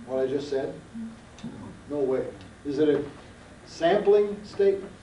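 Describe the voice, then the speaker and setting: A man lectures a seminar in a folksy, emphatic way and keeps firing questions at the class. His voice sits a little high but sounds mellow and soft-edged. He is caught from well back in an echoing classroom on an old archival tape. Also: expressive, unhurried, far from the mic, a little hiss or hum. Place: lecture room.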